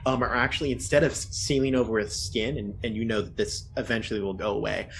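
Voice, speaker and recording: A man's voice: lowish voice, fairly even intonation, fast talker, vocal fry, a bit bright. Guy dm narrating the fight, lots of ums, laid-back, a little background hiss. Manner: loose, filler-heavy narration with chuckles. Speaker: dungeon master. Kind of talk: narrating a tabletop game.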